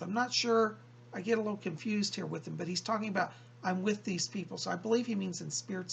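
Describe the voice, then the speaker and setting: A man working as a psychic medium, relaying messages from a spirit to a viewer and repeating "he said" as he passes the words along in slow, drawn-out phrases. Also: sits high, gravelly, a little hiss or hum. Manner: keeps quoting the spirit with "he said".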